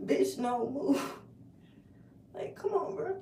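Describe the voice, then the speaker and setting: Young woman, very high pitch, profane exasperated ranting, casual vlog, echoey room, distant from mic. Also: lively intonation, slow pace, gravelly, mellow. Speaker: vlogger. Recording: roomy echo, heard from a distance.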